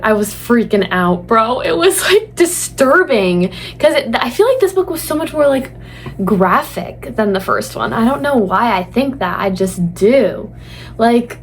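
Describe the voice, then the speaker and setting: A young woman chatting excitedly and casually in a reading vlog. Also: a little high, a little hiss or hum. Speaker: book vlogger. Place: indoors at home.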